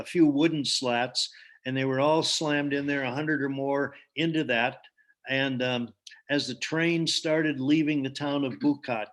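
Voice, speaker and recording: A man's voice: mid-range voice, a bit bright. A man giving a storytelling talk in an earnest way, with frequent ums and restarts. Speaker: speaker.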